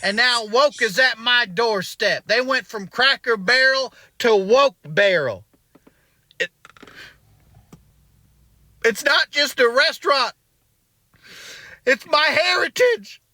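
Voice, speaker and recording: A man's voice: very high voice, animated, slow, long pauses, pushed and bright, no room sound, exaggerated voice. A comedian playing an indignant man ranting about a restaurant. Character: angry Southern male restaurant regular. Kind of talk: comic monologue.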